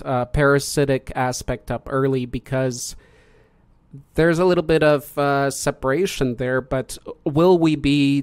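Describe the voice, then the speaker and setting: Guy hosting a stream panel, close dry mic, talks steady, explains stuff, pauses a lot. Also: mid-range voice, clean tone, no echo. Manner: measured, explanatory, often pausing mid-thought. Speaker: host. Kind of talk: casual panel discussion on a live stream.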